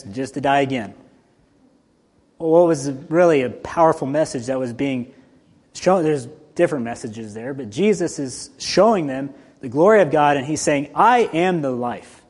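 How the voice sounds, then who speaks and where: A male pastor giving a conversational, animated sermon, swinging between loud and soft. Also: on the high side. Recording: long hall reverb.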